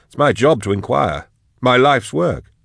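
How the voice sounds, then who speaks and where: A man's voice: medium pitch, big pitch swings, measured pace, vocal fry, fairly bright tone, no room sound, voice pushed up, heavily acted. A man voicing a glib, curious scholar who keeps talking with wry humor, in a dry recording. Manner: wry, chatty, stalling.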